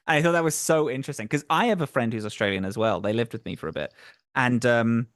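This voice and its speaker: A man's voice: medium pitch, quick pace, fairly bright tone, dry recording, studio quality. A man with a neutral London accent, chatting casually as a show host, laughing often and swearing now and then. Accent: neutral London English. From England. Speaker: podcast host and game master. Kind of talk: casual chat.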